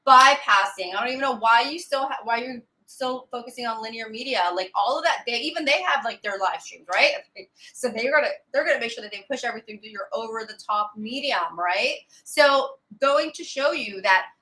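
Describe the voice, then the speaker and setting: A woman's voice: on the high side, brisk, sharp tone, rough recording. A woman hosting a weather live stream, chatting casually, greeting viewers by name and laughing often. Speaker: weather livestream host.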